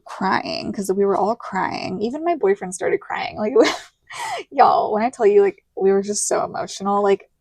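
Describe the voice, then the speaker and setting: A woman's voice: mid-range voice, wildly swooping pitch, unhurried, a little mellow, breathy edge, dry recording. A woman in her thirties with a Southern American accent, chatting casually and telling a story while decorating her planner, full of quoted dialogue. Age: 30s. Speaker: planner vlogger.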